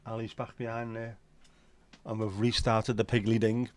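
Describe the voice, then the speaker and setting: A man's voice: on the low side, level tone, normal speed. A middle-aged man hosting a livestream, rambling through jokey pub-style banter while reading out chat. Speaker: livestream host. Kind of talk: casual chat reading viewer comments.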